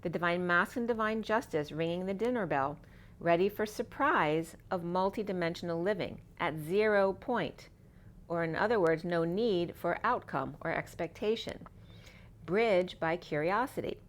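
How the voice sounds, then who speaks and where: A woman's voice: on the low side, moderate pace. A middle-aged woman giving a spiritual tarot reading, wandering from card to card with free-associating wordplay. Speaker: tarot reader.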